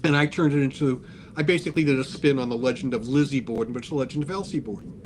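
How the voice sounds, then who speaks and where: An older man telling a long story in casual talk, animated, acting out the voices of the people he quotes. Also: medium pitch, quick pace, background noise. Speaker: guest artist.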